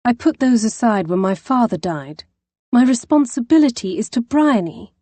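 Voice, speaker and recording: A woman's voice: a little high, sing-song, moderate pace, dark tone, dry recording, voice pushed up. A woman voicing a distraught young woman who is an older sister, tearful and defensive. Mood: upset.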